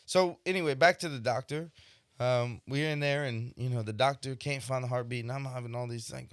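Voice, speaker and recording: A young male podcast host and father-to-be talks fairly quickly in a clear, resonant, slightly bright voice of medium pitch. His casual, reflective monologue is peppered with "right?", and the sound is dry and studio-clean.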